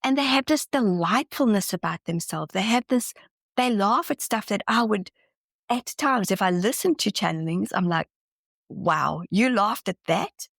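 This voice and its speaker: A woman's voice: mid-range voice, lively intonation, moderate pace, gravelly, fairly bright tone, no room sound, clean studio sound. A woman guest in a casual interview, talking earnestly and enthusiastically, often restarting her sentences. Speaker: podcast guest, spiritual channeler.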